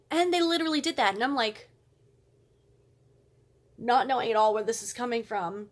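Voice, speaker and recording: A woman's voice: a little high, expressive, moderate pace, long pauses. A woman vlogger telling a story as a casual rant, fired up and blunt, with cursing.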